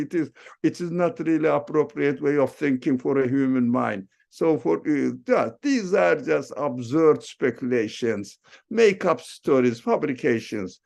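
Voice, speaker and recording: A man giving an unscripted religious lecture, reflective, often rephrasing his words and filling pauses with "uh". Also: a little high, lively intonation, creaky, a little mellow. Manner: reflective, repeats and rephrases words, frequent fillers. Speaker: Islamic teacher.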